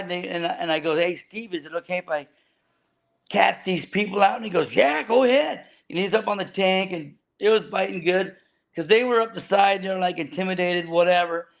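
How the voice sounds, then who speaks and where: A man telling a long, rambling story about his fishing boat days, full of restarts and laughter. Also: sits high. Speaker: guest, veteran fishing boat deckhand. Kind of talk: casual storytelling chat.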